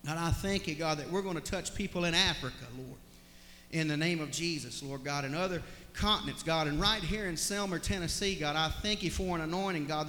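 A man's voice: a little high, bright, forceful tone. A man, a pastor preaching and then leading a heartfelt prayer, often repeating "God" and "Lord". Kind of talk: sermon and closing prayer. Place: church sanctuary. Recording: echoey church hall.

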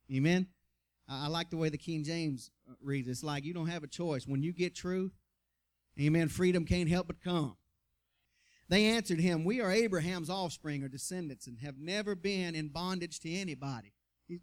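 A man with a notably high voice delivers a sermon. He reads scripture aloud and then explains it in casual, folksy language. He keeps dropping amens to the congregation between thoughts. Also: darkish tone. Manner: colloquial, folksy asides between readings. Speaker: pastor.

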